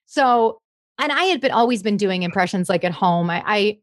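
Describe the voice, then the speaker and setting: A young woman, a comedian, chatting in an interview, lively and laughing often. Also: mid-range voice, moderate pace, no room sound, studio quality. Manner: chatty, animated, laughs often, slips into impressions. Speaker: comedian guest. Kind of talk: casual interview chat.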